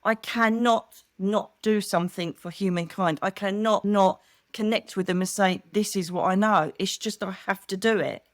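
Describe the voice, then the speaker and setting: A woman's voice: medium pitch, normal speed, no room sound, clean studio sound. A middle-aged English woman and psychic medium, chatting casually as an interview guest and telling stories with acted-out voices. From England. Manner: animated storytelling, acts out quoted voices.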